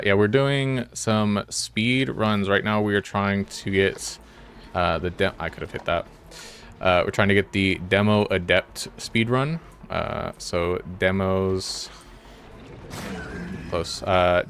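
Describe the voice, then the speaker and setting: A man's voice: low voice, fairly even intonation, slow pace, vocal fry, a bit bright, a little hiss or hum. A young man streaming a game, chatting casually with his viewers in a laid-back, rambling way. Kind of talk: casual live-stream chat while gaming.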